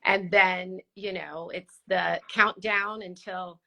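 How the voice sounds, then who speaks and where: Reflective woman guest, bright voice. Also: on the low side, fairly even intonation, creaky. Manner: reflective and heartfelt, unhurried. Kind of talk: casual conversation.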